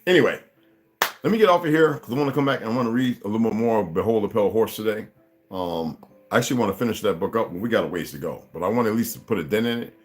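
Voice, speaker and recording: A man's voice: lowish voice, racing. A man hosting a livestream, talking casually to his viewers in a rambling, preachy and profane way. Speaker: livestream host.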